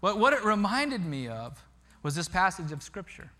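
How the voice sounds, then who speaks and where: Bright-voiced pastor preaching. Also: male voice, high voice, normal speed. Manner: animated storytelling with repeated words. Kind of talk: sermon.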